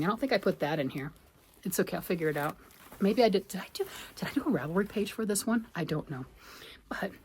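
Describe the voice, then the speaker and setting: A woman casually chatting in a craft vlog as she sorts through her knitted and crocheted pieces, rambling and thinking out loud. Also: fairly low pitch, breathy edge. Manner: chatty, rambling, talks to herself while sorting.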